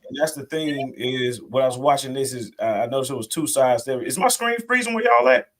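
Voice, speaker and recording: A man's voice: mid-range voice, lively intonation, quick pace, fairly bright tone. A man hosting a casual live stream, loosely asking the group for their opinions.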